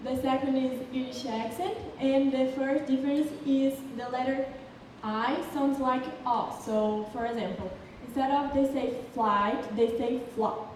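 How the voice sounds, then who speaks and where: Brazilian-accented woman with a high, mellow voice, a student presentation heard from afar in a big council chamber. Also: fairly even intonation, measured pace. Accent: Brazilian Portuguese. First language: Portuguese. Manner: careful, explanatory, with occasional stumbles. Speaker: English student giving a final presentation. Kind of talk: prepared classroom presentation. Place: large city council chamber. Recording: echoey hall from far off with faint noise.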